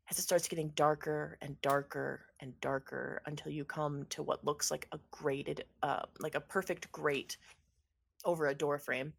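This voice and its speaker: A woman's voice: deep voice, gravelly. Woman narrating a tabletop game. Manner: descriptive, with fillers and repeated words. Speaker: game master.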